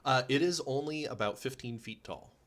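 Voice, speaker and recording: A man narrating as game master of a tabletop role-playing game, in a relaxed way, laughing often. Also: mid-range voice, normal speed.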